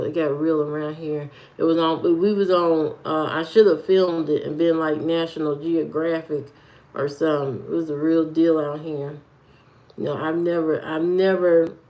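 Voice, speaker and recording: A woman live streaming from home, chatting loosely with viewers and reading their comments in a rambling, talkative way. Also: on the low side. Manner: rambling, loose and talkative, with frequent fillers and repeats. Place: at home, indoors.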